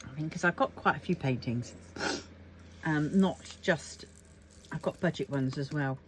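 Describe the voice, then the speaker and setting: A low-voiced woman chats to camera as a crafting vlogger, thinking aloud and rambling through her plans with lots of fillers. Faint keyboard tapping and room ambience sit quietly behind her. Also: normal speed, a little hiss or hum. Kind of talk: casual chat to camera.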